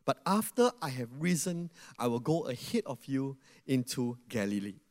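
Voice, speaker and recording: A man preaching quotes a solemn male teacher in a hushed voice. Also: medium pitch, big pitch swings, normal speed, big-room sound, voice pushed down, close to an everyday voice.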